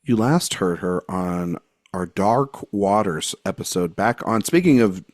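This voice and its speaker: A man's voice: low-pitched, expressive, measured pace, no echo, clean studio sound. A man hosting a podcast in casual, joking chat, rambling and laughing often. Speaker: podcast host.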